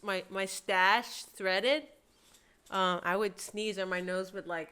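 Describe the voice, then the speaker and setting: Co-host: young woman, smooth and clear, lively casual chatter. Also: medium pitch, slow pace. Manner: chatty, animated, laughs often. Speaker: podcast co-host. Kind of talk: casual chat.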